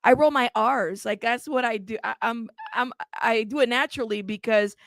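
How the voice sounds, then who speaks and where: A woman hosting a true crime channel, talking in a casual, animated and sassy way, bilingual in Spanish. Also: on the high side, moderate pace, dry recording. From United States. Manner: animated, sassy, frequent laughs. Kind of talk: casual livestream commentary.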